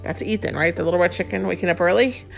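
A woman's voice: on the low side, quick pace, creaky, faint music behind. A woman in her thirties hosting a podcast, reading a picture book aloud to her child, playful and chatty. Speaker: podcast host and mother.

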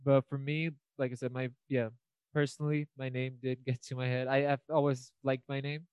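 A man's voice: medium pitch, little pitch movement, moderate pace, a little mellow, clean tone, dry recording, rough recording. A young man co-hosting a casual podcast, wandering through his thoughts with plenty of "you know" and "like." His voice is clean and resonant, recorded close and dry. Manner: rambling, filler-heavy, laughs often. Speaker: podcast co-host. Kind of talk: casual chat.

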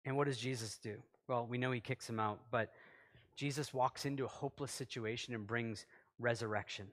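A man preaching a sermon in a conversational way, acting out quotes and swinging between loud and soft. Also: mid-range voice, fairly even intonation, a little fast. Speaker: pastor. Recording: long hall reverb.

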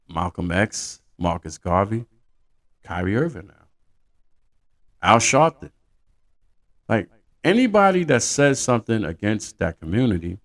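A man hosts a podcast and talks through a casual, profane monologue. He tells stories in an animated way. His voice is low and gravelly. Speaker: podcast host.

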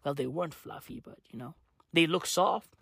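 A woman delivering a profane comedic rant, full of slang, dropping to low mutters and then jumping to high shouted outbursts. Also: normal speed, creaky, slightly rough, no echo, clean studio sound. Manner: heavy slang fillers. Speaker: comic ranter.

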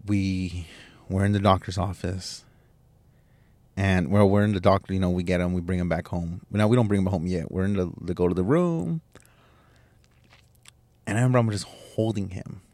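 Young male podcast host, lowish voice, dry close sound, candid emotional storyteller. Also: moderate pace, pauses often, a little mellow, no echo. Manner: candid, emotional, rambling with restarts and swearing. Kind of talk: personal storytelling monologue.

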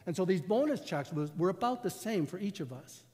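A man's voice: sits high, animated, fairly quick, darkish tone. A man, preaching a sermon as pastor in a conversational storytelling way. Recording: long hall reverb.

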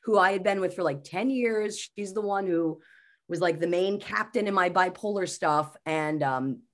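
A woman comedian and mental health speaker, a guest on a podcast, talking in a high-energy, animated storytelling way. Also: moderate pace. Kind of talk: casual podcast conversation.

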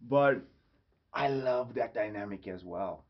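A man hosting his own casual solo podcast, rambling and jumping quickly from topic to topic. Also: mid-range voice. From Ireland. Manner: rambling, jumps between topics. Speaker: podcast host. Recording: slightly dull lo-fi audio.

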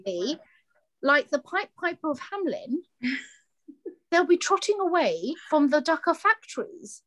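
Woman guest, high voice, fired up and emphatic, acts out little quotes as she talks. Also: animated, a little slow, a bit bright. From London. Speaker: fashion brand founder, guest. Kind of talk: passionate interview talk.

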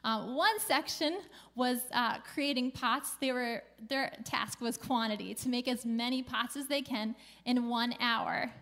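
A woman's voice: on the high side, a little slow, a bit bright. A woman pastor preaching a sermon in a conversational way, with casual slang mixed into her preaching.

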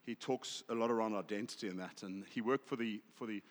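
A South African man preaching a sermon, swinging from loud emphasis to hushed asides. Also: fairly low pitch, brisk, big-room sound. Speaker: pastor.

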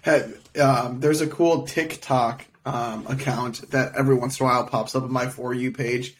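A male co-host with an average-pitched voice chats easily, tossing in short teasing remarks and laid-back anecdotes. Light background hiss comes through. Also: normal speed. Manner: relaxed, teasing quips and storytelling. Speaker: podcast co-host. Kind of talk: casual chat.

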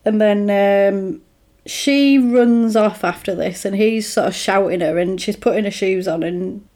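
A woman chatting casually, retelling a film plot and acting out the characters' lines in an animated way. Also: medium pitch, measured pace.

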